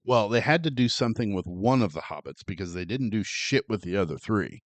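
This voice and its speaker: A man's voice: lowish voice, animated, fairly quick, no echo. A man co-hosting a casual film review podcast, sardonic and exasperated, swearing freely. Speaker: podcast co-host.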